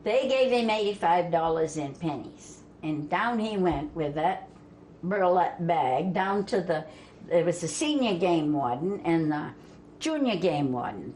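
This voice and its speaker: An older woman from Vermont telling family stories in a folksy way, laughing as she goes and dropping her voice low for the men she quotes. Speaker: storyteller guest. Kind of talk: family storytelling. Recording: faint background noise.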